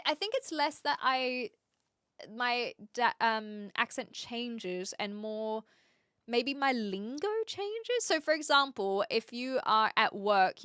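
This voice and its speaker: A woman's voice: fairly high pitch, fairly bright tone, clean tone, dry recording, clean studio sound. A woman with an English accent, a streamer chatting casually and rambling as she answers questions from her live chat.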